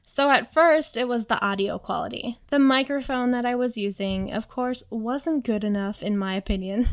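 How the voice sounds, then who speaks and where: A woman in her thirties hosting her own podcast, talking candidly and self-deprecatingly on a desktop microphone, full of "like" and "you know what". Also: mid-range voice. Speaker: podcast host. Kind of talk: solo podcast monologue. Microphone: desktop USB mic.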